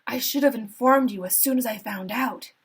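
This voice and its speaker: A woman's voice: a little high, moderate pace, husky. A woman voicing an apologetic male werewolf beta who hurries through excuses to his leader.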